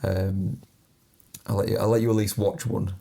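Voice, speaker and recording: A man's voice: on the low side, level tone, normal speed, vocal fry, dark tone. A man co-hosting a podcast, chatty and rambling, amused as he talks. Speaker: podcast co-host. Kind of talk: casual podcast chat.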